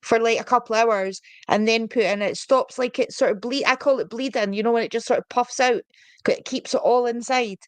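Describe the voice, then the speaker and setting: A woman's voice: a little high, steady tone, brisk, clear, resonant tone, dry recording. A Scottish woman co-hosting a casual chat over a video call, chatty and giggly, often trailing off mid-sentence. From Scotland. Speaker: co-host.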